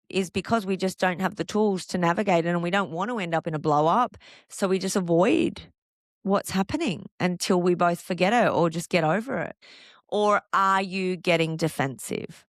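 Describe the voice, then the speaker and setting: A woman hosting a podcast on couples' relationships, calmly explaining and asking the listener one rhetorical question after another. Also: mid-range voice, normal speed, no echo, studio quality. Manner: calm, explanatory, reassuring. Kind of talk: solo podcast monologue.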